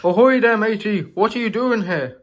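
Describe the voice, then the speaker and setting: A man's voice: high voice, normal speed, a bit bright, pitched above the performer's own voice. A man voicing a cheerful male steam engine who talks like a pirate. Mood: hearty. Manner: pirate slang, rambling.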